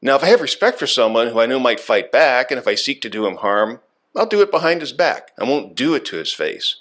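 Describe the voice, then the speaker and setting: Man reading a radio lecture, mid pitch but swings up and down a lot, leans hard on key words. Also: sing-song, fairly bright tone. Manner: measured, emphatic reading with stressed key words.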